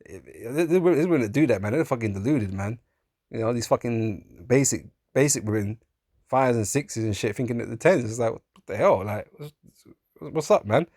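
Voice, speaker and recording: A man preaching in a casual, profane way, often laughing, calling listeners man and bro, and reading scripture slowly in old-fashioned wording. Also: mid-range voice, lively intonation, a little mellow, dry recording, studio quality. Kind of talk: street-style sermon, reading scripture.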